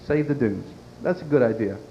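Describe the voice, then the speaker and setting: A man's voice: mid-range voice, lively intonation, brisk. A male comedian, doing a crude, self-mocking stand-up routine and talking to the club crowd. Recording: dull lo-fi 1990s club tape. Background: audience laughter and faint room noise.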